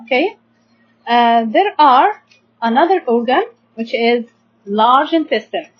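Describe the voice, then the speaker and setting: A young Egyptian woman teaches primary science to children, slowly and patiently sounding out words syllable by syllable and checking in with her students. Her voice is a little high and expressive. The recording has a dull lo-fi quality.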